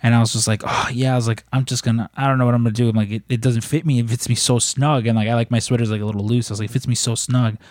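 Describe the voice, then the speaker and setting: A man's voice: mid-range voice, level tone, racing, hardly any pauses, darkish tone, no echo, clean studio sound. Rambling, swearing man telling stories. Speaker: podcast co-host. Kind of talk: casual chat.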